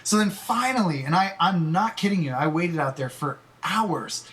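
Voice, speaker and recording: A man on a podcast with a voice a bit higher than most men. He tells a long anecdote with lots of quick restarts and builds it up for laughs. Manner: animated anecdote teller, stammering restarts. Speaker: podcast guest. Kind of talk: casual storytelling.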